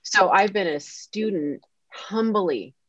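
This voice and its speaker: A woman who is a guest on a podcast, telling a story in a lively way and acting out the lines people said to her. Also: mid-range voice, takes it slowly, dry recording. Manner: animated, acts out quoted dialogue. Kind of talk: casual storytelling interview. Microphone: podcast mic. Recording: dull lo-fi sound.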